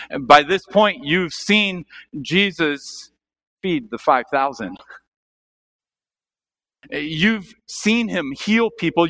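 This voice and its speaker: A male pastor preaching a sermon, asking the congregation questions, animated, with sharp rises and drops in his voice. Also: a little high.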